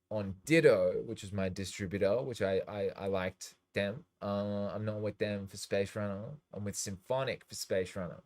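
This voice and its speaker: A man hosting a DJ livestream, chatting in a rambling, loose way and swearing casually. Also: on the low side. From Australia. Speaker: DJ and livestream host.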